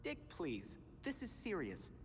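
An actor playing an eager young male hero who talks excitedly and insistently. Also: on the high side, a little slow, vocal fry, slight background noise, exaggerated voice. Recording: reverberant game audio with ambience.

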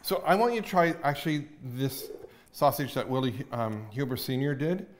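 Upbeat guy cooking and chatting away in a kitchen, mid pitch, a bit of hiss behind. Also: animated, normal speed. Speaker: cooking show host. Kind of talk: casual cooking demonstration.

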